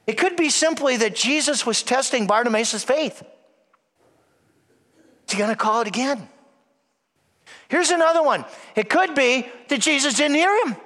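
A man delivers a Mass sermon in a high, bright voice that rings out across a large church with a long reverb. He acts out the voices in his story and swings between loud, animated stretches and hushed, near-whispered lines. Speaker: preacher at Mass.

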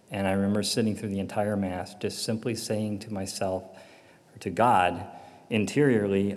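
A man giving an earnest personal faith testimony, quiet and reflective. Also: lowish voice. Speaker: testimony speaker. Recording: long hall reverb.

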